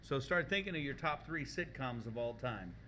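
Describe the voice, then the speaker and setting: A man hosting a casual podcast, telling animated, profane stories and laughing often, recorded in a school culinary kitchen. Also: medium pitch, moderate pace, crowd noise. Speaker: podcast host and culinary teacher.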